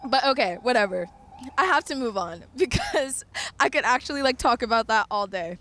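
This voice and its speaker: Chatty young woman, slightly high voice. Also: normal speed. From North Carolina. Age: young adult. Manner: animated, chatty, laughs often, lots of "like". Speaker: vlogger. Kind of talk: casual storytelling chat.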